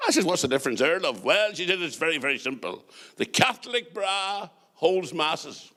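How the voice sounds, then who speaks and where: Bright high-voiced Northern Irish comedian. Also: male voice, very animated, a little hiss or hum. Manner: joke-telling, quick punchlines, chatty asides to the crowd. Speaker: comedian and compere. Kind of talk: stand-up comedy.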